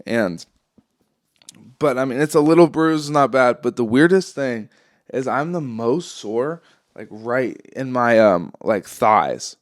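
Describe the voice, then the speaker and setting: A man's voice: medium pitch, expressive, slow pace, no room sound, clean studio sound. A young man hosting a podcast, telling a long story in a rambling, casual way, full of swearing and ums. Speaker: podcast host.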